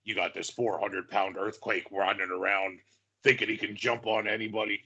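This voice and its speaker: A man putting on a low, gruff voice as a boastful male wrestler persona. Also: flat delivery, normal speed, sharp tone, highs cut off, full character voice. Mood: blustering.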